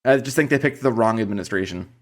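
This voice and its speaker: A man's voice: on the low side, quick pace. A man in his thirties co-hosting a podcast, wryly picking apart the jokes of a sitcom episode in casual chat. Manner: analytical, wry, picks apart jokes. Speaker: podcast co-host.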